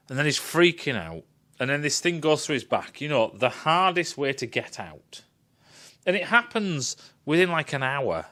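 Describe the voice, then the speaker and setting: A man's voice: medium pitch, sharp tone. Guy ranting about a film, swears a lot, sarcastic, voice jumps all over the place. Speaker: film reviewer.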